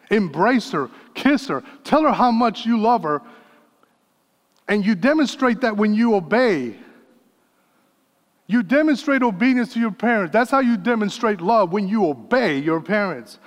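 High-voiced pastor preaching, long reverb. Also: male voice. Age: 50s. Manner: earnest preaching, folksy asides. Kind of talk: sermon.

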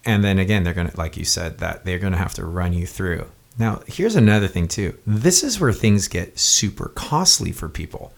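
Man, podcast host, casual chat, very deep voice, earnest, repeats himself. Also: expressive, moderate pace, creaky, few pauses. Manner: earnest, rambling, repeats words. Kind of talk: casual conversation.

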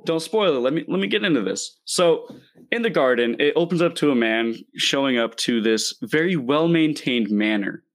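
A man's voice: medium pitch, expressive, moderate pace. A man hosting a casual podcast, retelling a horror comic story in a rambling, laid-back way, with swearing and laughter. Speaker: podcast host.

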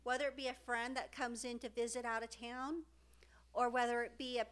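A woman's voice: on the high side, little pitch movement, fairly quick, fairly bright tone, smooth. A middle-aged woman co-hosting a podcast, talking in an earnest, rambling, emotional way about family and friendship. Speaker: podcast co-host. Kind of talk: casual heartfelt podcast chat.

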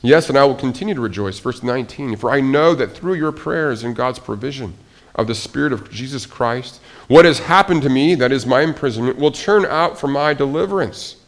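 A middle-aged pastor delivers a sermon in a mid-range voice at a brisk pace. He swings from quiet, nearly whispered asides to loud, excited exclamations and keeps restarting his phrases.

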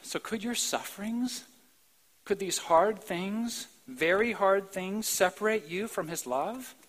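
A man preaching a sermon in a church, swinging between soft, slow passages and sudden loud, emphatic outbursts. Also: high-pitched, lively intonation, low-quality recording. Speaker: pastor. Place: church sanctuary, live-streamed.

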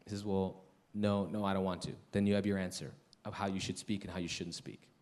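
A middle-aged man preaching a sermon as pastor, dropping to hushed, slow lines and then rising into loud, excited storytelling. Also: sits low.

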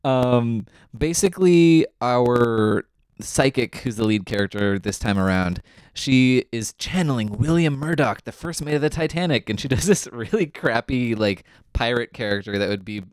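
A man's voice: mid-range voice, lively intonation, normal speed, smooth, no echo, studio quality. A man co-hosting a podcast, casually recapping a TV episode, chatty and often laughing, with lots of ums. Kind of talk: casual chat.

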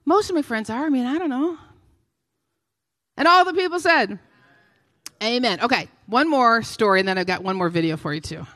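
A middle-aged woman preaching a sermon as guest pastor, telling stories and acting out scenes, at times shouting. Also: on the high side. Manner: storytelling, acts out scenes, rising to shouting. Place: large church hall. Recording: long hall reverb.

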